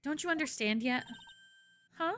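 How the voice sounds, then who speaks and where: A woman voicing a cool, formal young male prosecutor in a game, speaking in a measured, lecturing and cutting way. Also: sits high, fairly bright tone, a little hiss or hum. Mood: scornful. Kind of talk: fan voice-over of a game's dialogue.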